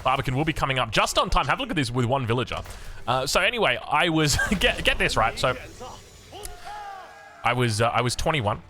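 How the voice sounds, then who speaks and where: An Australian man casting a strategy game, rambling excitably into anecdotes with lots of restarts. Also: mid-range voice, a little fast, long pauses, over music. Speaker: game caster.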